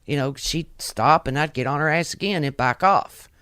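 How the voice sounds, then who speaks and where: A woman's voice: sits low, normal speed, a bit bright, smooth, no room sound, clean studio sound. A woman truck driver, telling stories in a blunt, salty way with plenty of swearing, as a podcast guest. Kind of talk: casual storytelling chat.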